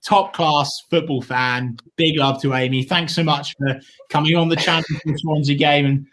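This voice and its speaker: A man's voice: a little high, fairly even intonation, normal speed, fairly bright tone. Guy bantering about footy on a live stream, pretty enthusiastic. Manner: enthusiastic, jokey, fan banter. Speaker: co-host of a football watchalong. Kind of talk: casual live match chat.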